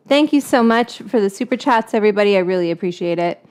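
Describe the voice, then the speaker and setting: Whisking and stirring on a relaxed cooking livestream at home, a woman keeps up playful chatter and often makes fun of herself. Her voice sits on the high side, clean and a little mellow, at a moderate pace.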